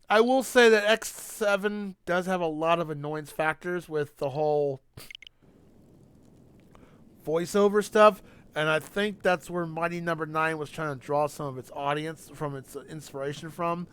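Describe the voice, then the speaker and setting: Chatty high-voiced male game streamer. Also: moderate pace, a bit bright, clean tone, dry recording, clean studio sound. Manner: chatty, rambling, talks to chat. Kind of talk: casual gaming stream chat.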